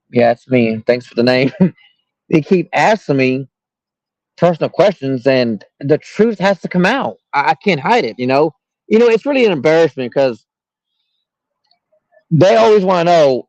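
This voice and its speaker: A man's voice: a little high, no room sound. A man with a slightly raised voice talks candidly as a guest, rambling and going back over his words. The sound is dull and lo-fi, close and dry with no room around it. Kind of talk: casual chat.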